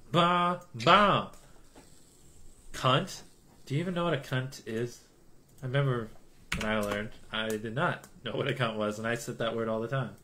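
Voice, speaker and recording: A man's voice: mid-range voice, bright, forceful tone. A young man livestreaming in casual, rambling chatter, joking and reading chat donations aloud. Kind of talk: casual live-stream chatter.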